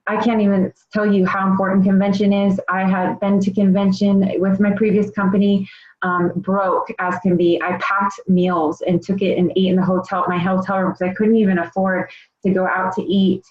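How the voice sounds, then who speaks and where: A woman's voice: medium pitch, darkish tone. A woman in her thirties tells her own story as a health coach, earnest and rambling, full of "um" and "you know". The recording is slightly muffled and dull. It rings with echo from the room. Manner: earnest, rambling, many fillers. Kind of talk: personal testimonial.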